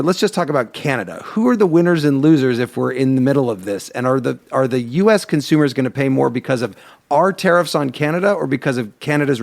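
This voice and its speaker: A man's voice: mid-range voice, creaky, a little mellow. A man hosting a podcast interview, asking conversational, pointed questions. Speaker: podcast host.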